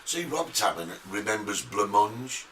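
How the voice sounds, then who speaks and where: A man's voice: fairly low pitch, very animated, a little slow, fairly bright tone. A middle-aged British man co-hosting a casual talk show, chatty and emphatic as he reminisces. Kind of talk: casual chat. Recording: distant mic with faint noise.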